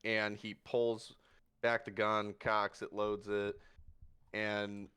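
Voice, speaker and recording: A man narrating a tabletop game as game master, describing a battle slowly and vividly. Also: lowish voice, completely flat delivery, sharp tone, smooth. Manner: slow, vivid scene narration.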